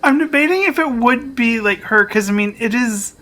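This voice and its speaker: A woman's voice: fairly high pitch, lively intonation, moderate pace, a bit bright, low-quality recording. A woman playing a tabletop game, thinking aloud and hesitant. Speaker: player.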